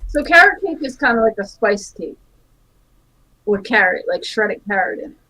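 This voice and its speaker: A woman chatting casually. She talks easily with light fillers and often passes on remarks from people beside her. Her voice sits at an ordinary middle pitch. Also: sing-song, moderate pace, bright, forceful tone, rough recording. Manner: chatty, relays what others say, laughs often. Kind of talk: casual chat.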